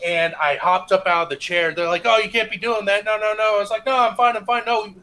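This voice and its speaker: A man's voice: sits high, fairly even intonation, a little fast, sharp tone. A man co-hosting a casual livestream, telling a loose story full of swearing and acted-out quotes. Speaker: co-host of a chill stream.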